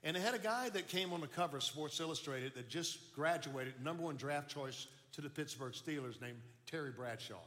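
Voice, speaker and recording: An older man tells his testimony in a folksy, animated way, tripping over his own words as he goes. His voice sits a little high and sounds bright and forceful. Long reverb trails off each phrase, as from a large hall. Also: moderate pace, few pauses. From Baton Rouge, Louisiana. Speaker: speaker giving testimony. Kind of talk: storytelling testimony.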